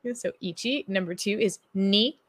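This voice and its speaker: A woman's voice: mid-range voice, normal speed, fairly bright tone, breathy edge, no echo. A woman co-hosting a podcast, playful and teasing in casual chat. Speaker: podcast co-host.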